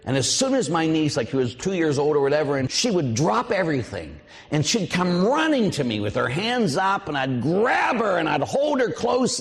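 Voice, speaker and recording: A middle-aged man, a priest, preaching a sermon with lively storytelling and acted-out voices. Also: on the high side, moderate pace, vocal fry, few pauses, long reverb tail. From Pittsburgh, USA.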